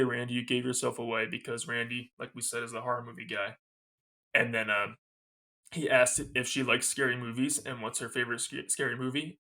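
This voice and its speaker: A man co-hosting a podcast recaps a movie scene in casual chat, quoting its lines and laughing often. His voice is medium-pitched, bright and forceful.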